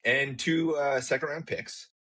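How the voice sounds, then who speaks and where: A man with a husky voice co-hosts a casual basketball podcast. He trades dry, joking remarks with his co-host. His pitch stays in an ordinary middle range. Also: steady tone, unhurried, sharp tone. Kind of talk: casual chat.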